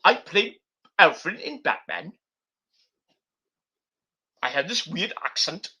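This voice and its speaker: A man's voice: a little high, very animated, slow pace, sharp tone, slightly rough, exaggerated voice. A man putting on a spoof impression of an older actor, reading an insurance-ad line. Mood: mocking. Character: mock impression of an older English film actor.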